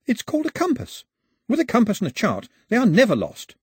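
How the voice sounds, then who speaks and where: A man voicing a nervous, eager young man who explains things in a high, hesitant voice. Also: huge pitch swings, a little fast, slightly rough, dry recording, clean studio sound, heavily acted. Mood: explaining.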